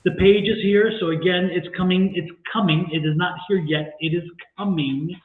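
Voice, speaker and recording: High-voiced man on a tinny echoey stream. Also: fairly even intonation, normal speed. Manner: chatty, repeats phrases, laughs easily. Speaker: tarot reader and co-host. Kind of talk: livestream tarot reading chat. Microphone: livestream call audio.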